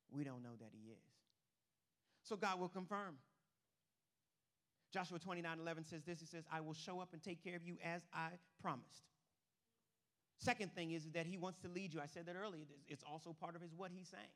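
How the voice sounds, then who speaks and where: A young man preaching with lots of animation, his voice pitched high for a man. The tone is bright and forceful, and he swings from loud bursts to quiet, hushed lines. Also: moderate pace, pauses often. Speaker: pastor. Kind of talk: animated sermon.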